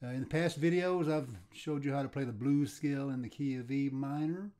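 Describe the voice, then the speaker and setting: An older man giving a casual guitar lesson, talking in a relaxed, halting way and often repeating words as he restarts his sentences. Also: mid-range voice. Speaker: guitar teacher. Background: faint guitar playing.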